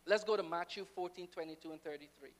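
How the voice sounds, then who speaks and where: A woman preaching a sermon, telling the story dramatically and swinging between hushed and loud delivery. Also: lowish voice, fast.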